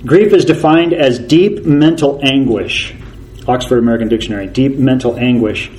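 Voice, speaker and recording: A man preaching a sermon as a pastor. He talks earnestly, repeats key phrases for emphasis and slows down when he reads scripture. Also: medium pitch, darkish tone, low-quality recording.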